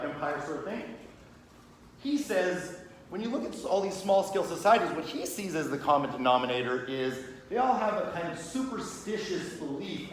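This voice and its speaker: A man's voice: fairly high pitch, fairly bright tone. Man lecturing in a very echoey room. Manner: conversational, often checks understanding with "right?"; acts out short scenes in quoted voices. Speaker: religion lecturer. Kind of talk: casual classroom lecture. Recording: very echoey room, faint background hum.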